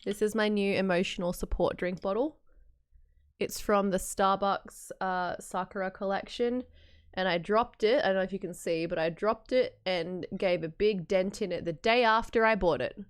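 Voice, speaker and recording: A woman's voice: medium pitch, normal speed, smooth. A woman streaming a game, chatting playfully and teasing her viewers. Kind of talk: casual livestream chat while playing a game. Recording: game music playing underneath.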